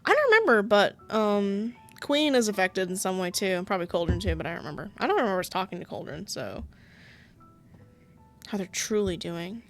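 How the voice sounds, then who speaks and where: A woman's voice: medium pitch, fairly quick, soft background music. A woman with a sore throat, reading a visual novel aloud and breaking off into casual, self-mocking asides. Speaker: game streamer.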